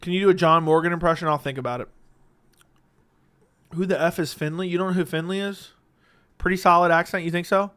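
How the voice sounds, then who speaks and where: A man's voice: fairly high pitch, quick pace, long pauses, fairly bright tone, clear, resonant tone. Laid-back man hosting a livestream. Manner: laid-back, swears freely. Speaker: livestream host. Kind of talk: casual livestream chat, reading viewer messages. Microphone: studio dynamic mic.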